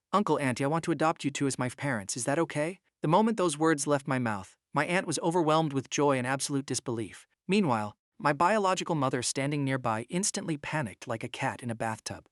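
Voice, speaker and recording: A man narrating a story recap in a brisk, dramatic first-person telling. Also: mid-range voice, no room sound, clean studio sound.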